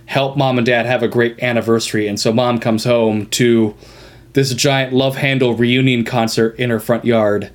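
A man chatting casually as a podcast co-host, rambling with many ums and unfinished phrases. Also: medium pitch. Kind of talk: casual chat about a cartoon.

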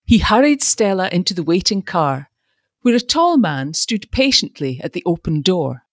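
A woman narrating an audiobook with expressive storytelling. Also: on the low side, measured pace, no echo, clean studio sound.

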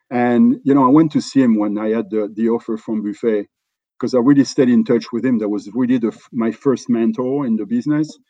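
Halting French-accented man telling stories. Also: mid-range voice, dark tone, no room sound, lo-fi sound. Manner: halting, many fillers and restarts. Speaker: guest, company executive. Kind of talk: conversational storytelling.

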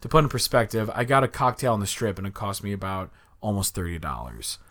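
A man's voice: fairly low pitch, sing-song, fast talker, fairly bright tone. A young man from Chicago, hosting a podcast and telling a rambling story with many fillers and restarts. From Chicago, USA. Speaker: podcast host. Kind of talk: casual storytelling chat.

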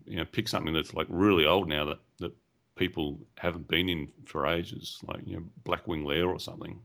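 A man's voice: low-pitched, fairly even intonation, fairly quick, gravelly, a bit bright. A man, co-hosting a casual gaming podcast, rambling and hesitant with many fillers. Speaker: podcast co-host.

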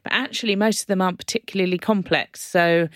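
Low-voiced woman chatting about cooking. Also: fairly even intonation, fast, dry recording, studio quality. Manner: chatty, self-deprecating, enthusiastic about food. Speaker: guest food writer. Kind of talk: casual podcast chat.

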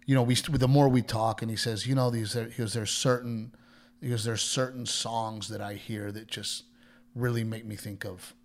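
A man's voice: mid-range voice, moderate pace. A male comedian telling a story in casual chat, quoting other people and swearing now and then. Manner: animated storyteller who quotes others in their voices, swears.

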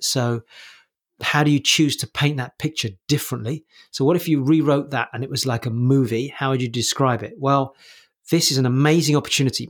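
Fast-talking husky man. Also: mid-range voice. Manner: rapid, animated explanations with many restarts. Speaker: podcast co-host giving coaching advice. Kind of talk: casual conversational podcast talk.

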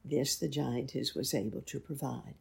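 A woman reading a children's story aloud in an expressive, unhurried way. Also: very deep voice, creaky, slightly rough.

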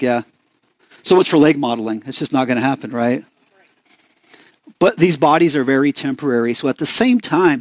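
A man's voice: fairly high pitch, dry recording. A young man with an Arizona accent preaching a sermon in a conversational way, often asking the congregation questions. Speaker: pastor.

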